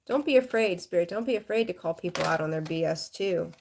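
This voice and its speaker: Blunt, gravelly-voiced woman reading tarot. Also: on the low side, animated, a little fast, background noise. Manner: frank, rambling, swears casually, greets viewers. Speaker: tarot reader.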